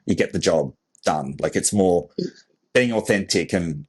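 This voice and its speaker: Breathy Australian man, rambling. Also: low voice, animated, measured pace. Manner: loose, rambling, many restarts. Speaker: guest, photographer and content creator. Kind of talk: casual interview chat.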